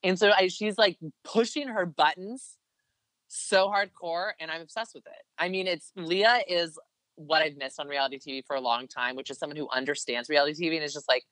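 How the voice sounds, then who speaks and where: A man's voice: a little high, a little fast, sharp tone, no room sound, poor audio. A man co-hosting a podcast in casual chat, chatty and rambling, gushing and laughing often. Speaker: podcast co-host.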